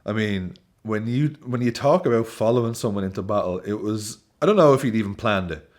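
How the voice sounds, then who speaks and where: A man giving a casual football commentary to camera, animated, laughing and swearing often. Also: lowish voice, a little fast. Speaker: football YouTuber.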